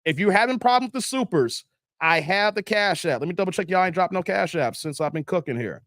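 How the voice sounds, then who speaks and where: Brief: high-voiced male streamer, relaxed and slangy, chuckles as he reads chat into a dry close mic. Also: fairly quick, no room sound. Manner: laid-back, slangy, laughs often, trails off. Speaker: live stream host. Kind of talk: casual live stream chat, reading comments.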